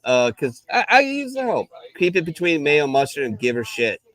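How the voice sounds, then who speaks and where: Guy hosting a bar show, cussing a lot, a bit high, dry close sound. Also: big pitch swings, moderate pace, a bit bright, no room sound. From American Midwest. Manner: profane, joking, loose drunken talk. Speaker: podcast host. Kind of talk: casual bar-room chat. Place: bar compound, live stream.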